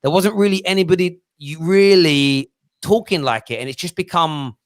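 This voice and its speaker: A man hosting a lively football fan panel, full of quick teasing banter. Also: fairly high pitch, no room sound, studio quality. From England. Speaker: host of a football fan show.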